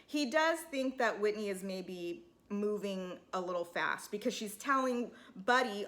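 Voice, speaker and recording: A woman's voice: mid-range voice, animated, measured pace, few pauses, fairly bright tone. A woman giving a casual, opinionated and sarcastic recap of a reality TV episode. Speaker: TV recap vlogger.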